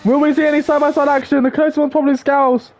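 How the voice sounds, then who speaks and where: High-voiced man calling a race. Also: soft background music. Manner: quick, excitable play-by-play with self-corrections. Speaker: race commentator. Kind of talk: excited sim racing commentary.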